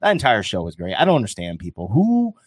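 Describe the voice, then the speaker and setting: A man chatting on a podcast in a blunt, swearing way, with mocking asides and a lively, wide-ranging pitch. His voice is dry and close to the mic. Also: quick pace, slightly rough, no echo. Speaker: podcast co-host. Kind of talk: casual chat reviewing a TV episode.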